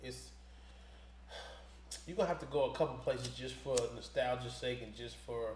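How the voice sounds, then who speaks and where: A man from Atlanta, a podcast guest, chatting casually in a relaxed, slangy, rambling way. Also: medium pitch, normal speed. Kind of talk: casual chat. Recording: roomy studio sound with faint noise.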